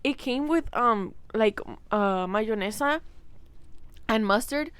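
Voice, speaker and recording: A woman in her twenties telling a story to camera in a casual, animated way, full of fillers, swearing and acted-out quotes. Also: on the high side, takes it slowly, clean tone, no echo. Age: 20s. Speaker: vlogger.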